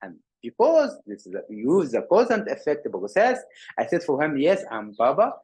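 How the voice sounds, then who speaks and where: Animated husky man lecturing. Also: normal speed. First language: Arabic. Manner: animated with large pitch jumps, repeats words and restarts. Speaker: physical therapy lecturer. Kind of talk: workshop lecture.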